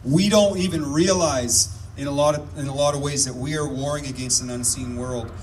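A man's voice: mid-range voice, fairly even intonation, normal speed. A man preaching outdoors in a park, fervent and telling stories, often repeating words as he builds up. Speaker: street preacher. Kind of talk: outdoor sermon with storytelling. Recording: distant mic outdoors, faint noise.

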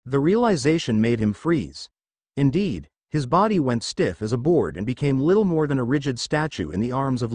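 A man's voice: medium pitch, a little mellow, dry recording. A man reading a fan-fiction story aloud as scripted narration, with a dramatic delivery.

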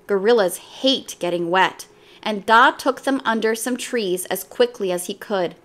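A woman reading a children's storybook aloud in an expressive, lively way. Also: mid-range voice, unhurried.

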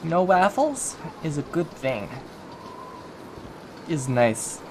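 A man's voice: a little high, sing-song, slow pace, background noise. A man giving casual, jokey let's-play commentary, talking to himself while he plays. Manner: chatty, jokey, talks to himself while playing. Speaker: gaming YouTuber.

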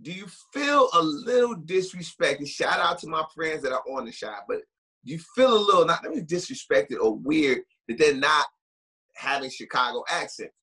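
Bright, husky man leading the chat. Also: on the high side, sing-song, normal speed, poor audio. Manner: asks questions, playful and emphatic. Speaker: podcast host leading the talk. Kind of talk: casual chat.

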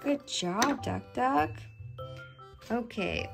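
A woman hosting a children's show, talking gently and slowly to toddlers and singing nursery songs as she plays. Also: fairly high pitch, expressive, vocal fry, music in the background. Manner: gentle, slow, sing-song, talks to the child directly.

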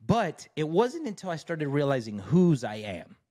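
A man's voice: a little high, sing-song, moderate pace, mellow. A man on a podcast as a divorce recovery coach, telling his own story in an emphatic, faith-driven way and often checking in with "right?". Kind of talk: conversational storytelling.

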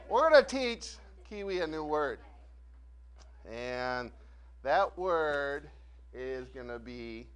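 A children's show host coaxing a young audience in a playful, animated way, sometimes dropping to a hush. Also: mid-range voice. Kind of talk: playful talk to a kids' audience. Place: local TV studio with live audience.

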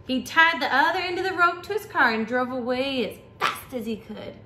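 A woman, a preschool teacher, reading a picture book aloud to children with animated, exaggerated storytelling. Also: sits high, normal speed, hardly any pauses. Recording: echoey room with faint hiss.

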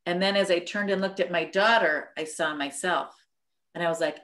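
A woman's voice: fairly low pitch, fairly even intonation, moderate pace, a bit bright. A middle-aged woman leading a study group over a video call, sharing a personal story in an earnest, reflective way with frequent restarts.

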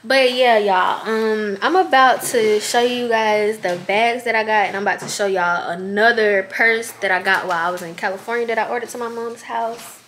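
A woman's voice: on the high side, fairly even intonation, moderate pace, few pauses, a bit bright. A twenty-year-old woman vlogging in a chatty, gushing way, often calling her viewers y'all. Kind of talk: casual vlog chat. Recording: echoey room with background noise.

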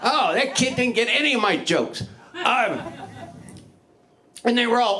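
A middle-aged man doing open mic stand-up comedy in a small club, loose and crude, mocking himself and shouting his punchlines. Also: very high voice, expressive, measured pace, a crowd in the background.

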